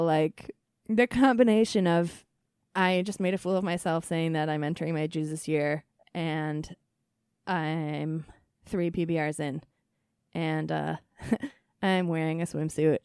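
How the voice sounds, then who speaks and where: A woman's voice: fairly low pitch, a little mellow, clean tone, no room sound, clean studio sound. A woman in her thirties hosting a casual chat, laughing often and using lots of fillers. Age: 30s. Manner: laughing, chatty, self-deprecating with lots of fillers. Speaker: podcast host.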